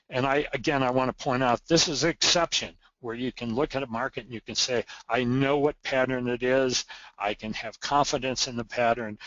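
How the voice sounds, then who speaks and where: A man explains trading charts in an earnest, emphatic teaching voice, leaning on the words he wants to stress and restarting a phrase now and then. His pitch sits at an ordinary middle level. The sound is close and dry but a little dull and lo-fi. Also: fairly bright tone, no echo. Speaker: trading educator. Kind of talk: recorded market lesson.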